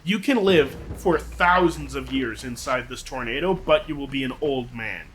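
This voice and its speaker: A man's voice: medium pitch, moderate pace, fairly bright tone, slight background noise. A young adult man telling a long story in casual chat, rambling and profane.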